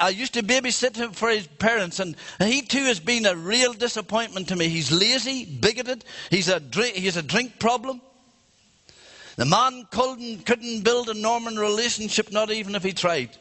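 A man's voice: high voice, lively intonation, moderate pace, pushed and bright, in a large hall, voice pushed up. A man preaching voices an elderly grandmotherly woman who bluntly scolds people, in a church. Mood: blunt scolding. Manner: scolding, outspoken.

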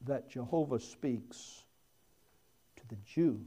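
A man's voice: mid-range voice, slow pace, warm tone. A man preaching a sermon, swelling hard on key words and then dropping almost to a whisper. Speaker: pastor.

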